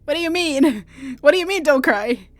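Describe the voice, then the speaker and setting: A young woman streamer reading a visual novel aloud, with dramatic, shouting outbursts and laughing reactions. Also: sits high, expressive, normal speed, no room sound. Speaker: virtual streamer.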